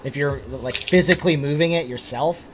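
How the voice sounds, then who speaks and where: A man's voice: a little high, moderate pace, noisy background. A man running a tabletop game, explaining rules with lots of fillers and restarts. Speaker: game master.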